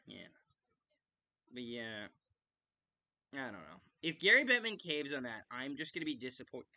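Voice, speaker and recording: A man's voice: medium pitch, very animated, normal speed, pushed and bright. A man hosting a live hockey watch-along podcast, ranting with passion and swearing, full of "like" fillers and restarts. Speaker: podcast host. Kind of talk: casual live-stream commentary.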